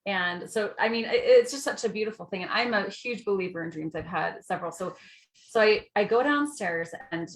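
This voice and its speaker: A woman's voice: mid-range voice, a little fast, roomy sound. A woman, a bereaved mother, telling her story as a guest in an earnest, descriptive way, with vivid images. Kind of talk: personal storytelling.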